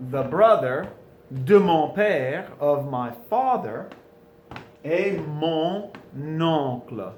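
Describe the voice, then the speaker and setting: A man with a South Louisiana accent teaching French, going over answers and asking questions he answers himself. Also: mid-range voice. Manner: patient, asks questions and answers them himself. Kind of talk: recorded classroom lesson going over answers. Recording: echoey room, faint ambient noise.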